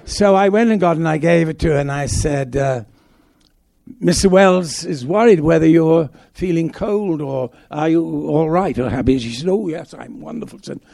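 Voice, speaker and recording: An older man from England, a guest actor telling anecdotes in a halting, reminiscing way on stage. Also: on the high side, gravelly, mellow, dry recording.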